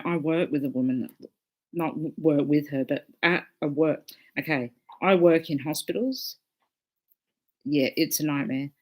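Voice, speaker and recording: A woman hosting a casual livestream, chatting with viewers in a loose, swearing, laughing way. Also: low-pitched. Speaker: livestream host.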